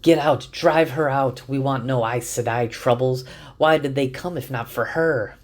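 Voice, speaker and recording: A man voicing an angry old village man who yells in agitation. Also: mid-range voice, unhurried, voice pushed up, close to an everyday voice. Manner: yelling, agitated.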